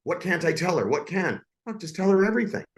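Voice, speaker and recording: A man's voice: high voice, sing-song, quick pace. A man in his forties, a podcast guest, telling a personal story in a blunt, intense and profane way.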